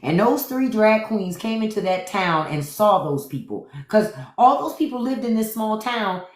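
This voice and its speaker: A woman's voice: mid-range voice, lively intonation, moderate pace, reverberant. A woman host giving blunt, profane commentary to livestream viewers, repeating her points. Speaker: podcast host.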